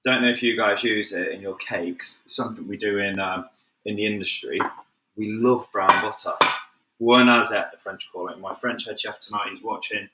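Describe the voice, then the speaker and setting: A man's voice: on the low side, fairly even intonation, moderate pace, reverberant, noisy background. A man from Manchester with a Mancunian accent, a professional chef chatting casually to viewers during a live cooking stream from his home kitchen. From England. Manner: chatty, upbeat, addresses viewers as "guys", moves around the kitchen.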